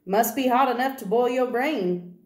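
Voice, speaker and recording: A woman voicing a calm, easygoing man who soothes a scared child in a relaxed, folksy drawl, in a storybook reading. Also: moderate pace, natural voice. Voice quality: rumbly. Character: calm older man paddling a canoe, gently teasing. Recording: roomy echo.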